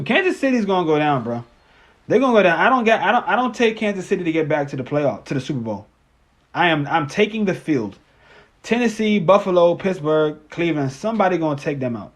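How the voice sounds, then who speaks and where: Man, sports live-stream host, fairly high voice, profane, rambling restarts. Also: slightly rough. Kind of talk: casual post-game live-stream rant.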